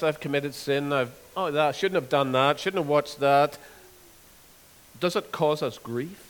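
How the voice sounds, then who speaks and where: A man preaching a sermon, earnest, repeating words and slowing down to stress scripture. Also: fairly high pitch. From Northern Ireland. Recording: long hall reverb.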